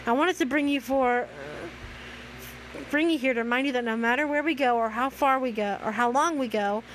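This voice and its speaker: A woman's voice: a little high, normal speed, a little hiss or hum, close to an everyday voice, poor audio. A woman reading an earnest young man. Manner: read aloud plainly, with stumbles. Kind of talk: reading fan fiction aloud.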